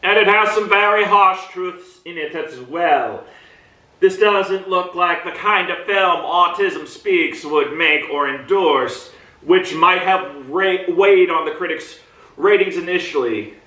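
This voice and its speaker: High-voiced man rambling through a film review. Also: slow pace, bright, forceful tone. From Minnesota, USA. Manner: rambling, drifts into tangents and asides. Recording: roomy echo, mic at a distance.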